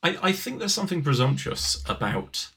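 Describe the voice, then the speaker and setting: A man's voice: fairly high pitch, big pitch swings, bright, forceful tone. A man co-hosting a podcast in casual chat, teasing and jokey. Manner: teasing, jokey, quick asides. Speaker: podcast co-host.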